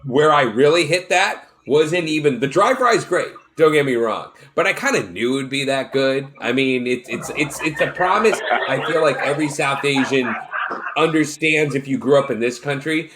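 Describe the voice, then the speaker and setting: A man hosting a food and drink podcast, talking in an excited, slangy, emphatic way. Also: mid-range voice, moderate pace. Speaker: podcast host. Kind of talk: casual chat.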